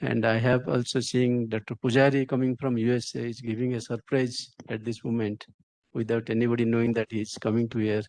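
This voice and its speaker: An older man with an Indian English accent giving a halting, emotional speech at a ceremony. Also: mid-range voice, little pitch movement, a little mellow. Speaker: senior professor giving a speech.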